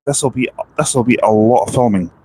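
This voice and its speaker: A man's voice: mid-range voice, a little fast, a little mellow, husky. A man with a sore throat chatting casually on a phone live stream outdoors by a bus station, rambling and reading out viewer comments.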